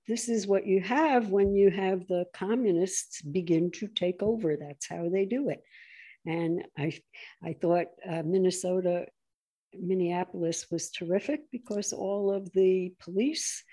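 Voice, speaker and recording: Woman ranting about politics, mellow dark voice, gets dramatic and mocking. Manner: animated, mocks opponents in shrill voices. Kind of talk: political conversation.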